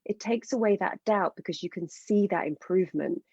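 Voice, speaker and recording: A woman speaks with passion as a fertility coach on a podcast. Her voice is warm and mellow, and the sound is dry and close. The recording is a little dull and lo-fi. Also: medium pitch, brisk, creaky, breathy edge, dry recording. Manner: passionate, enthusiastic explaining. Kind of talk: podcast interview.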